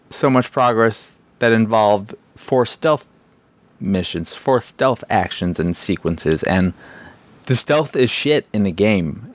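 Male podcast host, lowish pitch, dry mic, self-mocking rambler. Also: no room sound. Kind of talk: casual solo podcast talk.

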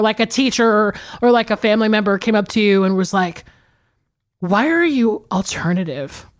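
A woman in her forties co-hosting a podcast, chatting casually about movies with lots of profanity and laughter. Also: a little high. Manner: animated, profane, laughing storyteller. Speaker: podcast co-host.

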